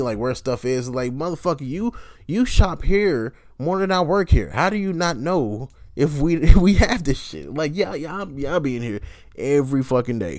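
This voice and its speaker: Man, podcast host, casual rambling rant, profane, griping, laughs a lot, middle pitch, dry close mic. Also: darkish tone, no echo. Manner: profane, complaining, laughs often, mocking voices.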